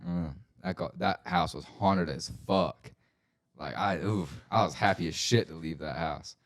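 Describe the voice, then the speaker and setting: Low-voiced young man telling rambling stories. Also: moderate pace. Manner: rambling, profane, full of "like" fillers, gets loud and excited at scary parts. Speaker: podcast co-host. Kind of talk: casual storytelling chat.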